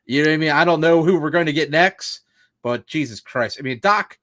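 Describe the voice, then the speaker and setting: A man co-hosts a sports chat, venting in a rambling, profanity-laced rant. His voice sits a little high. The sound is dry and close, with no room echo. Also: a little fast, fairly bright tone. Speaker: podcast co-host.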